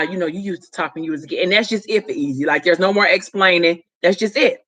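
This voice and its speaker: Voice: medium pitch, fast, few pauses, a bit bright. Chatty vlogger rambling through a story recap. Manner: rambling, loose retelling with many fillers and asides; talks straight to viewers, chatty. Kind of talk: casual story recap to viewers.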